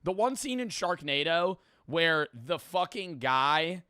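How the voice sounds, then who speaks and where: A young man riffs through casual reaction commentary, laughing and cursing as he goes. His voice is bright and crisp. The sound is dry and close, with no room around it. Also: a little high, big pitch swings, slow, no room sound. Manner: laughing, rambling, swears casually. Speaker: streamer reacting to videos.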